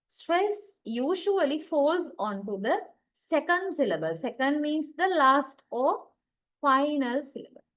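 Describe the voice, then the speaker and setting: A woman's voice: high voice, fairly bright tone, low-quality recording. A woman lecturer with a Sri Lankan English accent, giving a recorded linguistics lecture and often checking in with "okay" and "right". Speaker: university lecturer.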